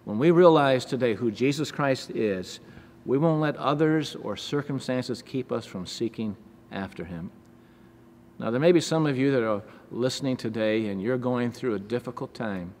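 A male pastor giving a devotional sermon with scripture reading, earnest, measured and encouraging. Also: mid-range voice. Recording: echoey hall with faint background noise.

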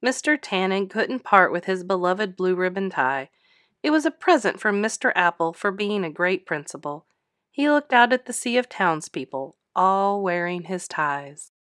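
A woman teacher reading a children's picture book aloud in an expressive, sing-song storytelling voice, close to the mic. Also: mid-range voice, moderate pace, dry recording.

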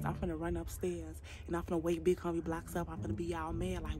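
A woman hosting a prank vlog, chatting to her viewers in a lively, slangy way. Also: lowish voice, brisk, hardly any pauses. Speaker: vlogger, prank channel host. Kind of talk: casual vlog talk to camera. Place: outdoors by a car, later.

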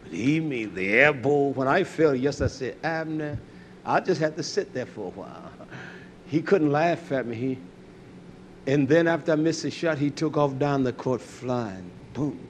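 An older man preaching an animated sermon, swinging between loud bursts and low asides. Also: moderate pace, slight background noise.

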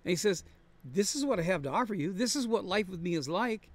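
A man with a fairly high voice preaches to his congregation. He talks in an earnest, conversational way and leans on repetition to make his points land. His tone stays steady and plain throughout the sermon. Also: brisk. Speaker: pastor. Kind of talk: sermon-style Bible study. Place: traveling, on the road.

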